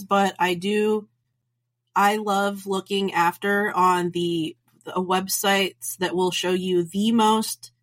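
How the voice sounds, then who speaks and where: Woman, podcast co-host, casual chat, blunt and opinionated, mid-pitched voice.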